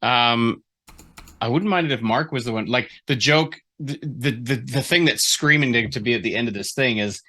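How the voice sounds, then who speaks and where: A man's voice: medium pitch, moderate pace, pushed and bright. A man giving a writer feedback on a story chapter in a casual call, rambling and restarting his sentences as he thinks aloud. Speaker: writing mentor giving feedback. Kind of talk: casual critique session.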